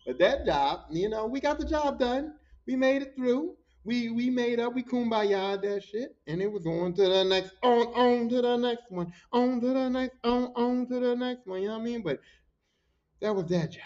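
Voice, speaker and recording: High-pitched guy ranting about his work days, swearing a lot, dull lo-fi sound. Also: moderate pace. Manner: profane, animated, emphatic. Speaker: podcast host, pile driver. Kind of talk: casual storytelling. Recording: dull lo-fi recording.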